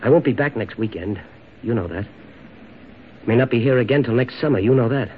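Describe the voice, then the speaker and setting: A man's voice: medium pitch, a little fast, natural voice. An actor playing an ardent, insistent young man in 1940s radio drama, with an earnest, persuasive delivery. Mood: tender. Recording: dull old radio recording with faint hiss.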